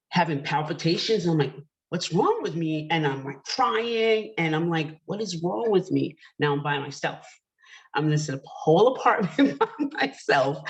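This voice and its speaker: A woman hosting an online panel discussion, telling a personal story in a chatty, candid way with many fillers. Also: low-pitched. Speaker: panel host. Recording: dull lo-fi online call audio.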